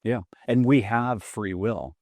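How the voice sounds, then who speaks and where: A man's voice: fairly low pitch, slow, a little mellow, no room sound, clean studio sound. A man hosting a spiritual podcast, reflecting thoughtfully on ideas and affirming his guest often. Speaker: podcast host. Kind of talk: conversational podcast interview.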